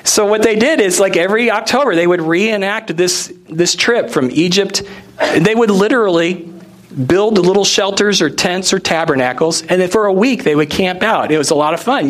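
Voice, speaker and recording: A male pastor delivering a sermon with a slightly high voice. He talks like he is telling a story to friends, loose and conversational, and keeps throwing rhetorical questions at his listeners. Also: fairly bright tone.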